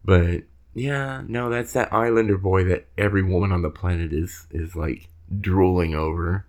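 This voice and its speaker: A man with a very low voice talking loosely on a podcast. He rambles in a relaxed way and lets his sentences trail off. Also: moderate pace. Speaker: podcast co-host. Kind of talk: casual chat.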